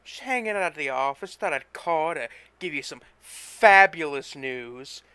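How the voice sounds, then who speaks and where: A man reading a story, voicing an excited, swaggering young salesman full of himself. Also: on the high side, a little slow, smooth, no room sound. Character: brash, boastful young male salesman.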